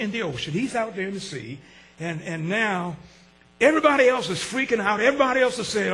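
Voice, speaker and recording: A man, preaching a sermon with call-and-response, swinging from shouts to hushed asides. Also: sits high. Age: 60s. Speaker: pastor.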